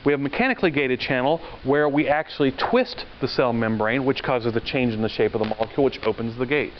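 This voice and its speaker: In a dull lo-fi recording with faint noise, a male university lecturer speaks fast in a mid-range voice. He keeps the classroom lecture conversational, asking the class questions and telling anecdotes as he goes.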